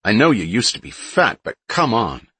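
A man's voice: fairly low pitch, very animated, moderate pace, sharp tone, husky, dry recording, pitched above the performer's own voice, full character voice. A man voicing a rude, suspicious bully who scoffs at what he hears, in an audiobook. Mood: scornful. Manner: blunt, scoffing.

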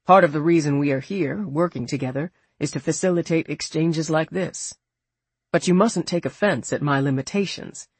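A narrator voicing a thoughtful, courteous male officer who speaks in a measured way. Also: medium pitch, breathy edge, dry recording. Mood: gentle.

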